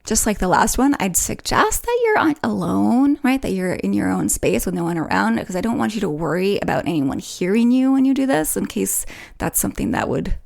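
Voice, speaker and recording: A woman hosting a solo podcast, talking in a melodic, playful way that swoops up in pitch to make her points. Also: expressive, a little fast, vocal fry, a little mellow. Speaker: podcast host.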